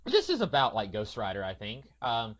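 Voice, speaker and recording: A man's voice: lowish voice, wildly swooping pitch, normal speed, fairly bright tone. A man hosting a casual podcast, rambling with lots of fillers and now and then slipping into a put-on voice. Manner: rambling, many fillers, slips into character voices. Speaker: podcast host. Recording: dull lo-fi sound.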